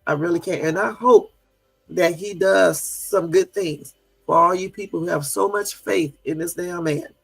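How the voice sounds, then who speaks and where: A man's voice: sits high, unhurried, creaky, a bit bright, slightly rough. A man hosting a casual livestream, talking in an indignant, rambling way with many fillers and chatting with his viewers. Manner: chats with and answers live viewers. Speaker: livestream host.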